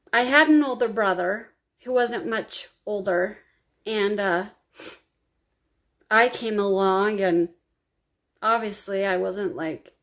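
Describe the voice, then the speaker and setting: A woman telling her own life story to camera, confiding and emotional, crying as she speaks. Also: mid-range voice. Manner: emotional, confiding, slow and halting. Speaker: vlogger.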